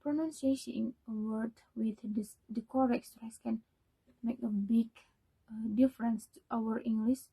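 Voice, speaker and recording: Young woman doing a class presentation in english, slow and halting, dark husky voice. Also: a little high, steady tone, low-quality recording. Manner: halting, many fillers and restarts. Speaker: student.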